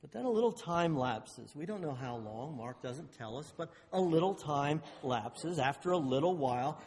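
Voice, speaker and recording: A man preaching a sermon, swinging between loud emphasis and hushed low phrases, and asking the listeners rhetorical questions. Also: expressive, moderate pace, few pauses. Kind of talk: expository sermon. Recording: long hall reverb.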